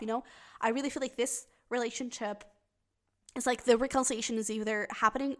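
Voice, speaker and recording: Woman tarot reader, a little high-pitched, chatty and earnest, talks straight to camera. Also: a bit bright. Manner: earnest and emotionally invested, speaks directly to the viewer; chatty, thinks aloud while reading the cards. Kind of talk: pick-a-card tarot reading to viewers.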